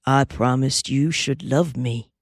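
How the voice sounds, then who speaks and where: A grave, gentle young cowpuncher, read by a woman in plain folksy Western speech. He speaks slowly and earnestly, without hurry. The sound is dry and close. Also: deep voice, lively intonation, gravelly, breathy edge, no room sound, exaggerated voice.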